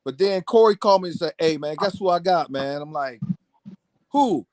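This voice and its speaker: A man in a music business telling stories over a video call in a lively, casual way, acting out other people's voices and saying "man" a lot. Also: fairly high pitch, moderate pace, no echo. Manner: animated, acts out quoted voices, says "man" constantly. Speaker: music producer guest. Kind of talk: casual storytelling chat.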